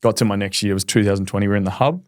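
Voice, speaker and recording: Fast-talking Australian man, candid and laid-back. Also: lowish voice, a little mellow, no room sound, studio quality. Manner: rapid, candid, laid-back with frequent ums. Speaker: podcast guest, professional footballer. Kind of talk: casual storytelling chat.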